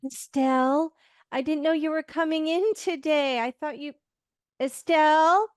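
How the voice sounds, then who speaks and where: A caring small-town woman, read by a woman at a virtual table read. Her voice is high, and she speaks in a helpful, reassuring way. The sound is close and dry. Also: measured pace, dry recording. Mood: concerned.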